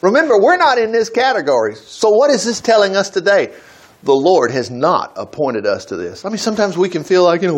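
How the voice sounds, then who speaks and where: A man gives an informal Bible lesson with a high, lively voice that leaps up and down. He reads scripture aloud, then breaks off with chuckling asides and acts out what the characters say. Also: a little fast. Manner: chuckles and breaks off to comment mid-reading. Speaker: Bible teacher. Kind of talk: conversational Bible teaching.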